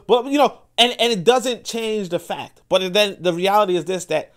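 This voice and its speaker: Talking fast and barely pausing, this podcast host has a high-pitched, somewhat bright voice. His monologue commentary is loose and meandering, full of fillers and restarted sentences, and he keeps slipping into quoted impressions of what others said.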